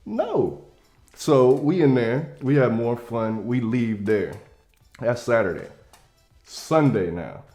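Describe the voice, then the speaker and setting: A man's voice: mid-range voice, darkish tone. A young man telling a comedic story in a casual way, acting out the quoted lines in different voices.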